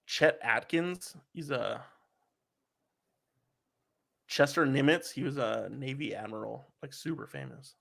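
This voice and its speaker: A young adult man co-hosting a podcast in animated casual chat, laughing often and slipping into joking voices. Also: medium pitch, unhurried, vocal fry, long pauses. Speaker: podcast co-host.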